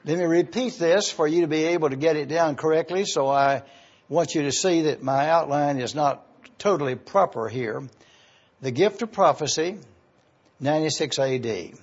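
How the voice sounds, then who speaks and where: A man preaching an evening sermon, teaching in a measured way and repeating key points slowly so listeners can write them down. He speaks to a congregation in an auditorium. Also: on the high side, darkish tone, husky. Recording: dull lo-fi recording.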